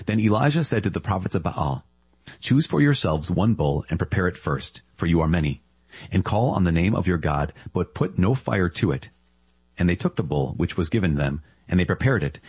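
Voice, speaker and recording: A man reading scripture aloud in a measured, solemn scripted delivery. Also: low-pitched, a little mellow, breathy edge, no room sound. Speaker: Bible reader.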